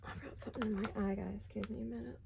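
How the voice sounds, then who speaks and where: A woman with a gravelly, fry-edged voice chats her way through a craft project at her home desk, thinking out loud and slipping into quiet muttered asides. Steady background noise runs under the home recording. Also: medium pitch, quick pace. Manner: thinks aloud while working, drifts into soft muttered asides. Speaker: crafting channel host. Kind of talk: casual craft-along chat.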